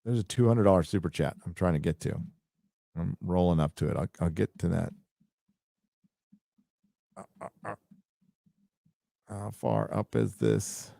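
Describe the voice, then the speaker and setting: A middle-aged man hosting a casual late-night livestream, rambling, swearing and excitedly reading viewer donations aloud. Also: low-pitched, a little slow, gravelly, pauses often, dry recording, clean studio sound. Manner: rambling, profane, excitable, reads donor messages aloud. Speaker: livestream host reading super chats.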